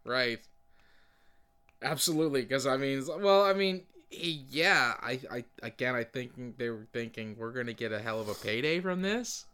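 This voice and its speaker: Male co-host, bright and smooth voice, blunt deadpan comic delivery. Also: mid-range voice, moderate pace. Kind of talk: casual comedy banter.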